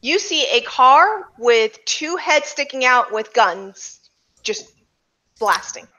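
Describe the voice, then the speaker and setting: A woman's voice: high-pitched, very animated, slow pace, pushed and bright, muffled recording, slight background noise. A woman narrating a tabletop game as game master, in a loose, filler-heavy way with frequent restarts.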